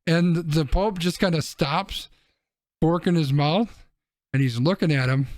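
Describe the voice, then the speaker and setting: A man's voice: a little high, measured pace, no echo. A man co-hosting a podcast, casually telling a long joke with plenty of restarts. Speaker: podcast co-host.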